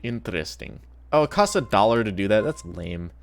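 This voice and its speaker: Foul-mouthed guy streaming a game, low voice but bouncy delivery. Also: very animated, fairly quick, creaky. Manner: crude, joking, swears a lot. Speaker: gaming streamer. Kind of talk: casual gameplay commentary.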